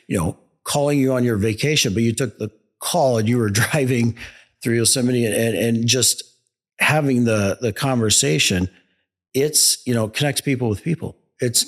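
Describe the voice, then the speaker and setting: A man of medium pitch, a business executive who is a guest on a podcast. He talks with enthusiasm and stumbles into frequent restarts and filler phrases as he builds his points. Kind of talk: conversational podcast interview.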